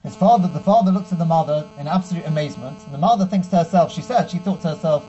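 High-voiced man telling a sermon story. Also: fast talker, few pauses, faint music behind. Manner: animated storyteller who acts out quotes. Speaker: rabbi giving a Torah class. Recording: dull with faint mains hum.

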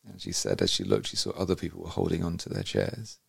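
Deep gravelly-voiced man hosting an interview. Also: big pitch swings, quick pace, no room sound, studio quality. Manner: enthusiastic, rambling storyteller with frequent restarts. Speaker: host. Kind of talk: conversational interview.

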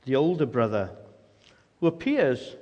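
A man's voice: medium pitch, big pitch swings, measured pace, mellow, dull audio. A man preaching a sermon with emphatic delivery and rhetorical questions. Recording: long hall reverb.

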